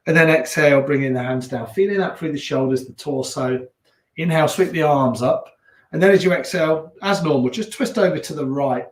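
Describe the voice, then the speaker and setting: A man with a Leicester accent teaching a gentle yoga class, giving calm, unhurried cues with chatty asides. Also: medium pitch. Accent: Leicester English. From England. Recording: echoey room.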